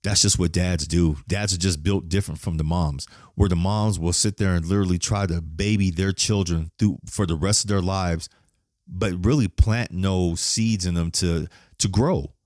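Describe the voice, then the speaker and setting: A man's voice: sits low, normal speed, darkish tone, dry recording, clean studio sound. A middle-aged man hosting a podcast, talking frankly and emotionally about his family and swearing often. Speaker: podcast host. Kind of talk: personal monologue.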